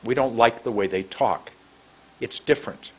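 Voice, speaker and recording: A man's voice: mid-range voice, moderate pace. A middle-aged man with a San Francisco American accent, telling a story as an English pronunciation teacher and demonstrating how he stretches his words. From United States. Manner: demonstrates mouth positions, stretching words long. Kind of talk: storytelling lesson to camera.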